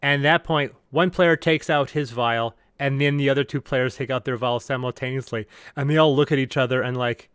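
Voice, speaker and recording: A middle-aged man with a mid-range voice tells a story from running his table. He talks in an animated way and slips into his players' voices for their lines. The sound is dry and close, with no room around it. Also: medium pitch, a little fast, few pauses, smooth, dry recording. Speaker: game master. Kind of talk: storytelling monologue.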